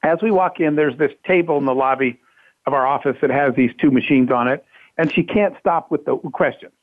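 A man, a company CEO, telling a lively anecdote in an interview, acting out voices and laughing often. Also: mid-range voice, fairly quick. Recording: tinny phone-like line.

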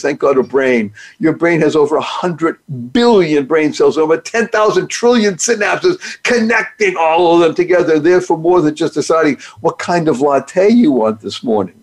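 A man with a fairly high, slightly mellow voice gives a cheerful motivational talk on his own show, full of acronyms and puns. He speaks despite being paralyzed by a rare disease.

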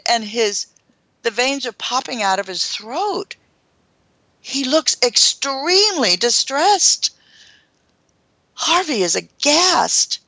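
A woman host tells a first-hand story with drama and gasps, her pitch swinging widely. Her voice is bright with a gravelly edge. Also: no room sound.

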